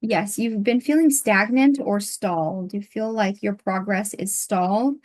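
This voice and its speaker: Softly halting woman channeling a reading. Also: medium pitch. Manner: soft, halting, with many pauses and fillers. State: losing her voice. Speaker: tarot reader.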